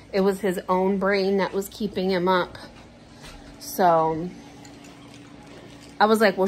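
A woman's voice: medium pitch, slight background noise, poor audio. A woman vlogger chatting casually to camera at home, telling stories in a slangy, joking way. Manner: chatty, slangy, jokey storytelling.

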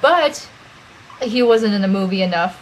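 A woman joining a casual movie-review chat, with a voice at a middle pitch. She talks in a chatty way and laughs easily. There is a faint hiss behind her. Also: expressive, measured pace, rough recording.

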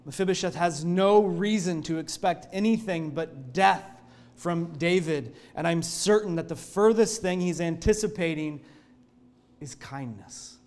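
Earnest pastor with a raised pitch. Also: male voice, unhurried. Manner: earnest, expressive storytelling. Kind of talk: sermon. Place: church.

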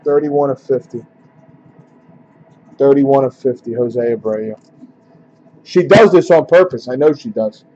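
A man's voice: medium pitch, measured pace, pauses often, warm tone, dull audio, slight background noise. A man hosting a casual card-opening break, grumbling and joking with his viewers.

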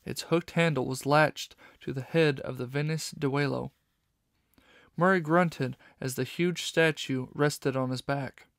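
Male narrator, audiobook, steady storytelling, mid pitch, gravelly. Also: unhurried, dry recording, studio quality.

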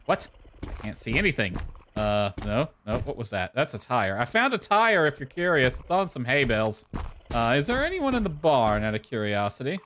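Very animated at normal speed, this medium-pitched, slightly bright voice gives live gameplay commentary. He's playful, talking to himself and now and then calling out or singing in a mock-plaintive way, with slight background noise.

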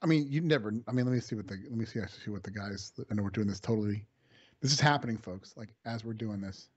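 A man's voice: fairly low pitch, fast, slightly rough, no echo. A man co-hosting a casual podcast, joking, interrupting and swearing. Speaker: podcast co-host. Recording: dull, slightly lo-fi dry audio.

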